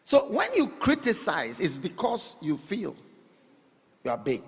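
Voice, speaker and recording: A man's voice: sits high, unhurried, slight background noise. Male pastor preaching, playful questions to the crowd, long reverby church sound. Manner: animated, rhetorical, teasing the congregation. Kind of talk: sermon. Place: church hall.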